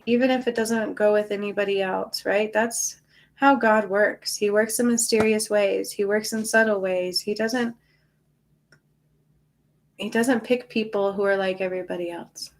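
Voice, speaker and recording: A woman's voice: mid-range voice, steady tone, measured pace. A tired woman hosting a spiritual livestream, chatting casually and answering viewer comments in a reassuring way.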